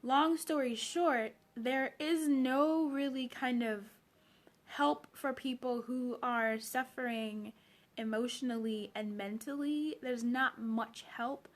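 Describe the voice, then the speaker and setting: A woman's voice: high voice, steady tone, slow. A woman from Zambia, a personal development coach, chatting on a late-night live stream, greeting viewers by name.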